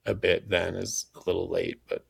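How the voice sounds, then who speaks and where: A podcast host with a deep, heavily gravelly voice and a flat, level delivery. He talks in a candid, blunt and heated way, in casual chat. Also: normal speed.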